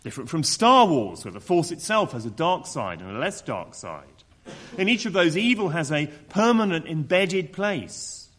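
A man's voice: fairly high pitch, sing-song, normal speed, fairly bright tone, slightly rough. A man preaching a sermon, acting out quoted voices with mocking tones.

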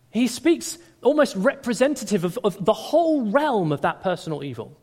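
A man preaching a sermon to a gathering, speaking with animated emphasis and raising his voice on quoted lines. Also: sits high, moderate pace, few pauses. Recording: reverberant hall.

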